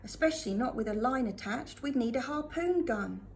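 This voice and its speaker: A woman reading as a weathered man yelling over a storm. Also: fairly high pitch, lively intonation, normal speed, a little hiss or hum. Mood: urgent. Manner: urgent, shouted warnings.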